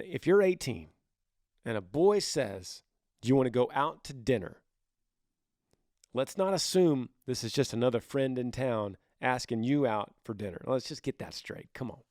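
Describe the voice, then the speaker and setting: A middle-aged man hosts a casual advice podcast, chatting in a lively way and jumping into quick acted-out voices for both sides of a conversation. His voice sits in an ordinary middle pitch. The recording is close and dry, with no room sound. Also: no echo. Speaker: podcast host.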